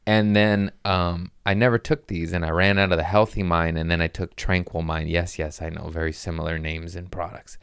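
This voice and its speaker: A man's voice: low voice, level tone, moderate pace, hardly any pauses, clear, resonant tone, dry recording, clean studio sound. A man hosting his own podcast, rambling through a casual comedic monologue with self-mocking asides and playful voice shifts. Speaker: podcast host.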